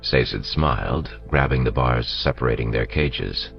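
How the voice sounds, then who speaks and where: A man narrating an audiobook in a steady storytelling manner, on a dull lo-fi recording with faint music. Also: a bass voice, unhurried, gravelly. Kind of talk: scripted narration.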